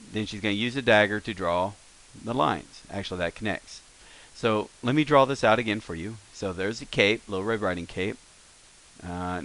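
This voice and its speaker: Rambling, low-voiced male teacher. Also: fairly bright tone, low-quality recording. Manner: rambling, self-correcting explanations with many fillers. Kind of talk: casual recorded lesson.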